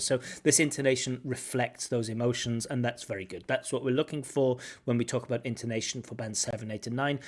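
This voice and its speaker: Guy explaining test feedback, lively and expressive, over a video call. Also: mid-range voice, a little fast, few pauses. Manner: animated, acts out intonation with singsong syllables. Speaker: IELTS examiner giving feedback. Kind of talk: spoken feedback on a recorded test.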